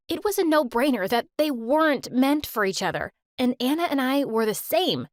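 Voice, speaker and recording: A young woman narrating her own story in the first person, animated and expressive. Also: high voice, normal speed, hardly any pauses, dry recording.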